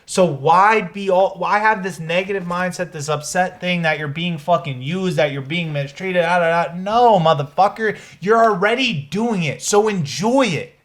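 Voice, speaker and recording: A man's voice: high-pitched, normal speed, hardly any pauses. A man co-hosting a podcast, talking casually, swearing freely and acting out conversations with friends. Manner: animated, swearing, acts out quoted friends. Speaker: podcast co-host.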